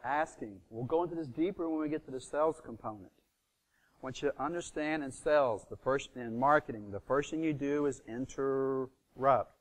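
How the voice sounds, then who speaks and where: A man's voice: medium pitch, moderate pace. A middle-aged man leading a live real estate seminar, quizzing the audience with fill-in questions and acting out phone calls.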